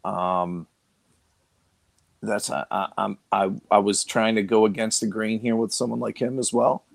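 Man, Boston accent, deep gravelly voice, halting with fillers, casual sports talk. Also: level tone, no room sound. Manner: halting, many restarts and fillers. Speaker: fantasy football co-host.

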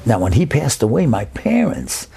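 A man telling a story with an expressive, unhurried delivery. His voice is heavily gravelly and raspy. He sometimes drops into a whisper. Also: mid-range voice. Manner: expressive, slow build with whispered moments. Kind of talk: told personal-style story.

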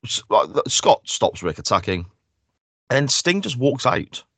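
A man's voice: mid-range voice, big pitch swings, measured pace, a bit bright, slightly rough, no echo. A man co-hosting a podcast, chatting casually and enthusiastically as he breaks down a wrestling show. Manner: enthusiastic, analytical. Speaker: podcast co-host.

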